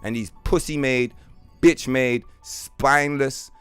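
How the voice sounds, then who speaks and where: A man streaming a video game who rants at length, swearing freely as he tells his stories. His voice sits at an ordinary middle pitch for a man. Faint game music plays quietly behind him. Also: slow pace, clean tone, dry recording. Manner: profane, ranting, animated storyteller. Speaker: streamer host. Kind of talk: casual game stream chat.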